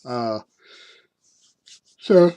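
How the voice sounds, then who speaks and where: Middle-aged American man, casual reviewer, rambly and self-amused, dry close sound, average pitch. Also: expressive, extremely slow, mellow, clean tone, no echo. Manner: rambling, with frequent fillers and self-amused asides. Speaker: game reviewer.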